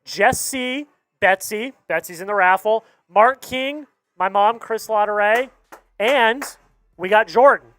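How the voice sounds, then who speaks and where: A man's voice: high-pitched, takes it slowly, a bit bright, a little hiss or hum. A man co-hosting a live stream, casually reading out names and urging viewers to like the video. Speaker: co-host.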